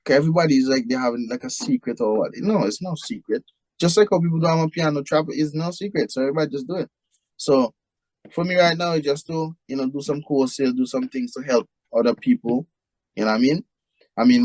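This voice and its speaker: A man's voice: medium pitch, a little mellow, dry recording, poor audio. A man from St. Vincent and the Grenadines with a Vincentian accent, chatting casually as an interview guest and often saying "you know". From St. Vincent and the Grenadines (Union Island). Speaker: guest, music producer.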